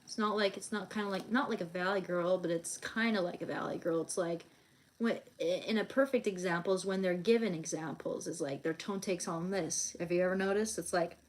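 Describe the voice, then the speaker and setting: A woman's voice: fairly low pitch, steady tone, brisk. A young woman chatting casually on a live stream while she draws, rambling with many fillers and restarts.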